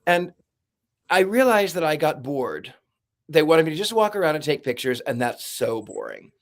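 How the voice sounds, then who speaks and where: A man who works as a paranormal investigator and medium, telling lively stories in a casual podcast chat. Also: fairly high pitch, normal speed. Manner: animated storyteller, acts out voices and screams.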